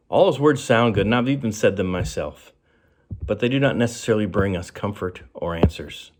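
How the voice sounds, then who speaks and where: A man pastor giving a short devotional sermon, earnest and conversational, who sinks to a soft, quiet voice on key phrases. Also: fairly low pitch.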